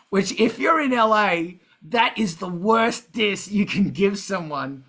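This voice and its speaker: Man, casual host, self-deprecating, sweary, slightly high voice, bright tone. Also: animated, measured pace. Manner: self-deprecating, swears often, reads lyrics aloud. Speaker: podcast host and musician. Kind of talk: casual chat about songwriting.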